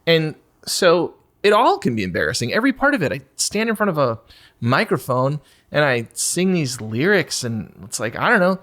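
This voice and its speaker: In a candid podcast chat, a guest musician in his forties lapses into high, mocking voices to dramatize asking for attention. His speech has a sing-song lilt, a moderate pace and a slightly bright quality.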